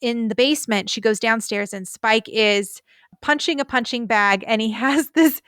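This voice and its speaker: A woman's voice: a little high, moderate pace, a bit bright, clean tone, dry recording, clean studio sound. A woman co-hosting a podcast, chatting casually and animatedly as she recaps scenes and reads out lines. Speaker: podcast co-host.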